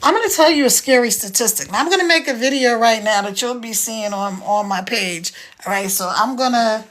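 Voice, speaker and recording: An American woman talking casually to viewers on a live stream, chatty and persuasive as she pitches her online business program into a phone. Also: fairly quick, fairly bright tone. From United States.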